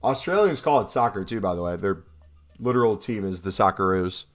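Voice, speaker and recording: With soft background music, a young American man chats casually on his livestream, answering chat questions with jokes after reading them out. His voice is deep and expressive, and he speaks briskly.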